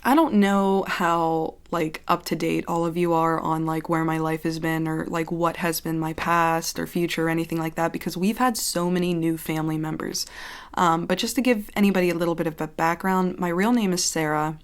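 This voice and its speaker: A woman in her thirties, originally from Pennsylvania, talks openly to her viewers in a loose, rambling vlog chat. Her voice sits low for a woman, and she keeps circling back with "um" and "like" as she gathers her thoughts. It sounds like an ASMR host dropping the whisper to speak plainly. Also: fairly even intonation, normal speed, clean tone. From Johnstown, Pennsylvania, US. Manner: rambling and candid, many fillers like "um" and "like". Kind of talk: casual chat update vlog.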